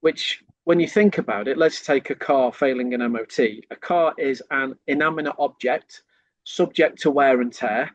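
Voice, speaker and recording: A man's voice: medium pitch, normal speed, no room sound, rough recording. A man, a sales trainer, explaining in a podcast conversation and acting out lines a customer might hear.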